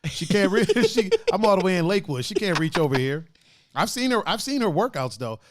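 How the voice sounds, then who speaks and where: Lively, jokey man on a podcast. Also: sits high, a little hiss or hum. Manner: jokey, laughs often, acts out quick voices. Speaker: podcast co-host. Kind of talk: casual podcast chat.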